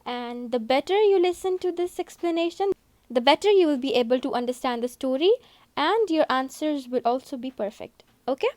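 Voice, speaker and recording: A woman teacher giving a recorded English lesson to young pupils, speaking slowly and repeating herself to explain each step. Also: high voice, lively intonation, a little mellow, no room sound. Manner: slow, repetitive, explaining step by step.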